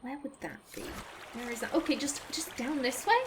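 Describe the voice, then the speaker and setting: A woman's voice: high-pitched, fairly quick, background noise. A woman giving casual, chatty gameplay commentary as a let's play host, politely apologizing to game characters.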